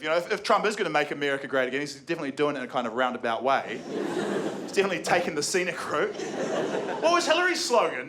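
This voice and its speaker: Young New Zealand man, stand-up, high voice, dry and sweary; live room with loud noise and audience. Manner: sardonic, swears freely, laughs at own jokes. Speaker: stand-up comedian. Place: comedy venue before a live audience.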